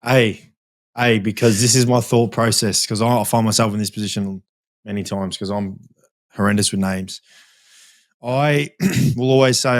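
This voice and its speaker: A talkative Australian man co-hosting a podcast, who tells stories with energy and acts out the voices in them. His pitch sits in the middle range. The recording is dry, with no room echo. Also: moderate pace. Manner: chatty, animated storyteller, acts out dialogue. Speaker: podcast co-host and footballer. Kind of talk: casual chat.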